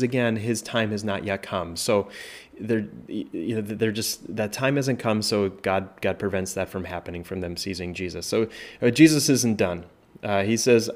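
In a lowish, slightly mellow voice at a normal pace, this pastor leads a casual Bible study on a passage. He talks conversationally, tagging lines with "right?" and restarting often, and lifts his voice when voicing Jesus.

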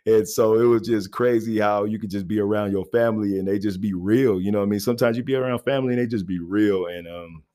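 A man's voice: fairly low pitch, fairly even intonation, fast talker, hardly any pauses, dark tone. A man telling a personal story in a casual, rambling way, full of fillers. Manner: rambling, laid-back, many fillers and "you know what I mean".

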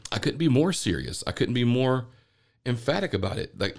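A man's voice: on the low side, sing-song, fairly quick, gravelly, a little mellow. A man hosting a podcast, talking through spiritual ideas in an earnest, rambling way and often repeating words as he thinks aloud. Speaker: podcast host. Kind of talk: spiritual monologue.

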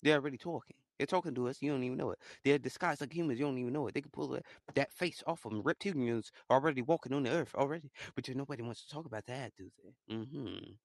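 A young man talking casually in a rambling solo monologue, swinging between low mutters and loud excited outbursts. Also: quick pace, few pauses, no room sound, clean studio sound. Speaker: podcaster.

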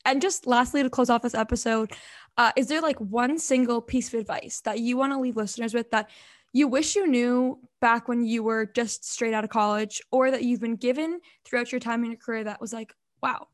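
A bubbly woman hosting a podcast with a slightly high voice. She keeps the conversation casual and upbeat, showing a type A energy as she talks with her guest. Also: fairly even intonation, brisk. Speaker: podcast host. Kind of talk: casual interview.

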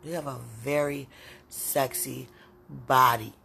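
A woman's voice: deep voice, a little slow, slight background noise. A woman podcaster talking in a casual, intimate monologue that rambles and often turns to prayer.

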